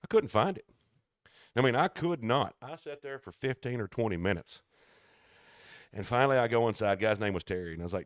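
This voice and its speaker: A man, fairly low-voiced, tells rambling work stories on a casual podcast. He is lively and acts out everyone he quotes. The sound is dry and close. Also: fairly quick, pauses often, no room sound. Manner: animated storyteller who acts out quoted people. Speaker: podcast co-host. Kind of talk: casual storytelling chat.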